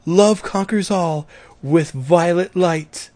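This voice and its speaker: A man putting on a woman's voice to recite a solemn oath as a female Star Sapphire, slow and pitched up. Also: a little mellow.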